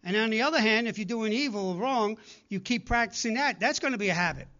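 This preacher's voice sits high, with lively intonation and a sharp tone, and he talks fast; the recording has its highs cut off. Addressing his congregation, he urges them earnestly again and again, acting out whoever he quotes.

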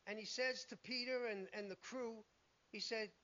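A man's voice: very high voice, steady tone, normal speed, sharp tone, highs cut off. A man preaching a sermon in an emphatic way, acting out the lines he quotes.

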